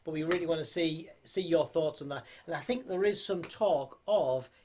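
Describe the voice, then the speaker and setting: Male co-host, slightly high voice, jokey banter. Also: normal speed, darkish tone. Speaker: co-host of a livestream. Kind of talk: casual chat.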